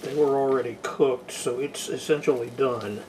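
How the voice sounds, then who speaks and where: A man's voice: mid-range voice, normal speed, background noise. A man narrating his own cooking in a home kitchen, dry and wry. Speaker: home cook.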